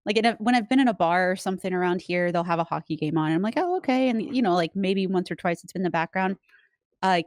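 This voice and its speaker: A woman's voice: on the low side, no echo, studio quality. A woman co-hosting a podcast, telling stories in chatty casual talk full of fillers. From Canada. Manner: chatty storytelling, lots of fillers. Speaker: podcast co-host. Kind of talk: casual chat.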